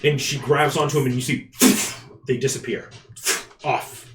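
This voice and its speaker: A man's voice: medium pitch, steady tone, measured pace. A man narrating a tabletop game as game master, often laughing and restarting his sentences. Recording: roomy echo, faint background noise.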